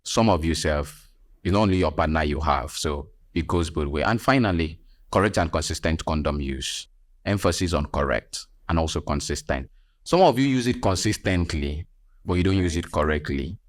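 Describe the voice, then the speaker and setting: A Nigerian man with a very low voice hosts a health podcast, stressing his points and teasing listeners. He sounds close and dry, with no room around him. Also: expressive, normal speed, no echo. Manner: emphatic, preachy, teasing asides. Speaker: podcast host and nurse.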